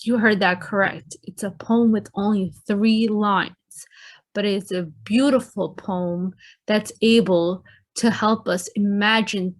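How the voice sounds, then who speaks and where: Slow-speaking teacher woman addressing children. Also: medium pitch. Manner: clear, explanatory, addresses children. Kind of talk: recorded classroom lesson.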